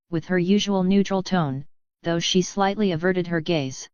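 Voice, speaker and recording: Woman, audiobook narration, low voice, smooth, dry close sound, dull lo-fi recording. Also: normal speed, darkish tone, no room sound.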